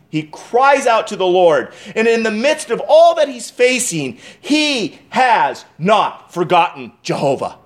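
A male pastor preaching a sermon, calling his listeners friends, moving from loud pleading to hushed, slowed emphasis. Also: high-pitched. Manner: addresses the congregation as friends, asks rhetorical questions.

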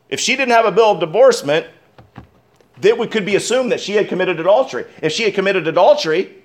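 A male pastor preaching a sermon, speaking emphatically, with sudden loud stresses and quiet asides, and putting questions straight to his congregation. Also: high voice. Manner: asks the congregation direct questions.

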